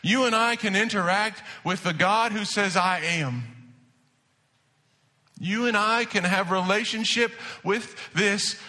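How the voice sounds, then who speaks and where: A man preaching a sermon to his church, moving between hushed asides and emphatic declarations. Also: sits high, measured pace, pauses often. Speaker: pastor.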